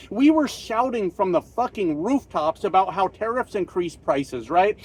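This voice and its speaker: A man delivering an angry, profane political rant, so worked up he runs short of breath and coughs between his fillers. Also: sits high. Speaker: political commentary vlogger.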